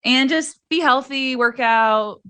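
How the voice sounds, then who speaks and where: A woman's voice: sits high, takes it slowly, pushed and bright, smooth. A young woman co-hosting a podcast in casual chat, easygoing and self-deprecating. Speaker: podcast co-host.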